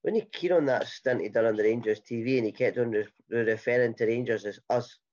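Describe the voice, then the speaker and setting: A Scottish man chatting about football on a podcast, rambling and restarting his sentences. His voice sits at a middle pitch. The recording sounds a little dull and lo-fi. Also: fast talker, darkish tone. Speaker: podcast host. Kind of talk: casual football podcast chat.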